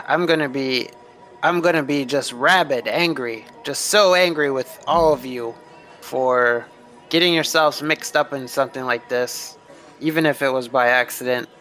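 A man's voice: mid-range voice, bright, forceful tone, low-quality recording. A man narrating a tabletop game as game master, loose and rambling with many fillers.

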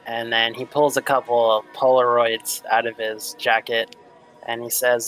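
Bright-voiced man running a tabletop game. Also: level tone, a little slow, faint music behind, low-quality recording. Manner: casual, voices characters with raised pitch. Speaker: game master.

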